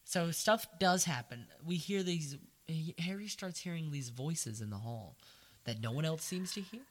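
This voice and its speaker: A man chatting casually as a podcast co-host, retelling a book and acting out the characters in quick voices. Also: fairly high pitch, expressive.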